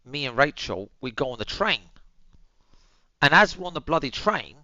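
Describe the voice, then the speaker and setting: A man's voice: fairly high pitch, big pitch swings, normal speed, bright, forceful tone, dry recording, dull audio. A young man, telling a story to his viewers in casual chat, swearing freely and calling them boys and bro, muttering asides while he tends his dog. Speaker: streamer.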